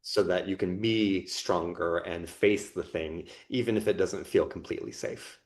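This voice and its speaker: A man co-hosting a podcast in an easy conversational tone. He talks at length and in an expansive way. Now and then he jumps into lively, animated bursts. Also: low-pitched, moderate pace. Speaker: podcast co-host.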